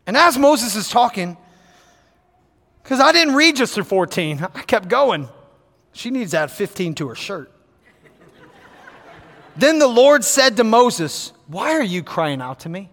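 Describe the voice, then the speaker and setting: High, bright-voiced preacher man, echoing hall. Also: unhurried. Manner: animated, acts out quotes, builds to shouting. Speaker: pastor. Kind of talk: sermon.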